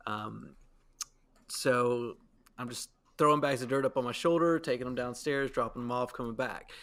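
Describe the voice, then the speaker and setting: A man in his thirties on a podcast, recalling a story step by step in a relaxed way. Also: medium pitch. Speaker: podcast co-host. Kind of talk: casual storytelling.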